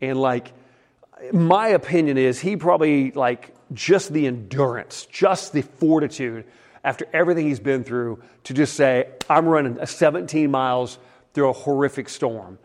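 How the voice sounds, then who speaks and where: A middle-aged man preaching a sermon in a folksy, animated way, acting out the quotes in his stories. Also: mid-range voice, moderate pace. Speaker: pastor. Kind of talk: sermon with storytelling.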